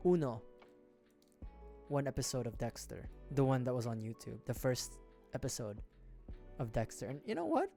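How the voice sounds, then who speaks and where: A man's voice: mid-range voice, a little mellow. A man from the Philippines hosts a casual livestream at his home setup. He rambles with self-interrupting asides and little jokes as he builds a model kit, and faint music plays in the background. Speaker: livestream host.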